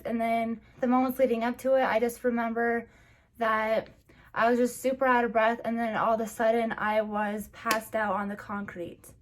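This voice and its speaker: Teary young woman telling her story. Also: on the high side. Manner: teary, halting, with restarts. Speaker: vlogger. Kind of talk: personal story to camera.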